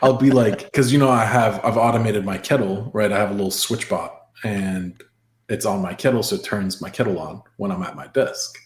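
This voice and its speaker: A man with a lowish voice chats loosely on a podcast and swears freely. His voice carries the echo of a roomy space. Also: a little fast. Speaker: podcast co-host. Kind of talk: casual chat.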